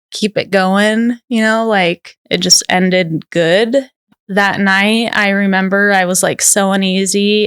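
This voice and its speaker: A woman telling a personal story as a podcast guest, her voice smooth and resonant. She talks candidly and loosely, leaning on "like" fillers, and the sound is close and dry. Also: medium pitch, no echo. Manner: candid, rambling, heavy use of "like" fillers.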